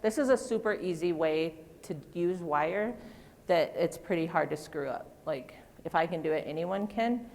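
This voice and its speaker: With a fairly low, expressive, slightly mellow voice at a moderate pace, a middle-aged woman talks through a floral arrangement demonstration on a convention hall stage. She jokes with her audience and makes light of herself, and long hall reverb trails her speech.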